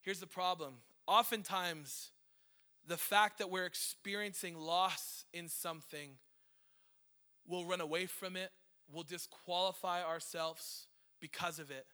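A man's voice: sits high, fairly even intonation, a little slow, sharp tone. A man in his thirties, a worship leader, preaching a conversational, emotional sermon with self-deprecating asides.

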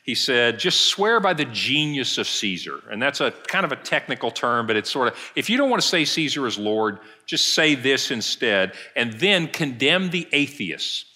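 A man's voice: mid-range voice, very animated, moderate pace, hardly any pauses, sharp tone. A middle-aged male pastor preaching a sermon, retelling a story and acting out the quoted lines.

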